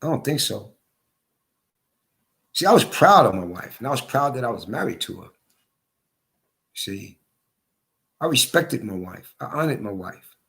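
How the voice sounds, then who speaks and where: Hoarse guy with a gravelly voice, venting and repeating himself. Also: mid-range voice, sing-song, measured pace, pauses often, fairly bright tone. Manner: repetitive, emphatic storytelling. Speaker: vlogger. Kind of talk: casual monologue.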